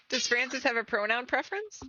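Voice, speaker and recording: Slow-paced, laughing woman game master. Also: high voice, dry recording. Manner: laughs often, relaxed narration. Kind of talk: narrating a tabletop game. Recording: slightly muffled, dry stream audio.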